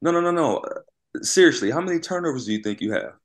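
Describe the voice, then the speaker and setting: A man's voice: fairly high pitch, lively intonation, quick pace, pitched above the performer's own voice. A man mimicking his old college coach, a hot-tempered, demanding man who keeps pressing a player with a question. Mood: needling. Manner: needling, then yelling.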